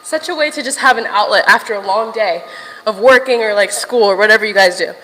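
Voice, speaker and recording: A woman's voice: medium pitch, fairly quick, pushed and bright, long reverb tail, slight background noise, low-quality recording. A young woman livestreaming from a gym while walking on a stair machine, chatting casually to viewers, a little out of breath and swearing now and then.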